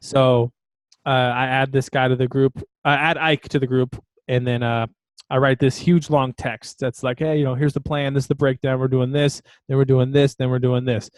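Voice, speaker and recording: A man with a mid-range voice co-hosts a podcast, telling a story in casual chat at normal speed and a level tone. He's loose and laughing, with lots of fillers, and the sound has no echo.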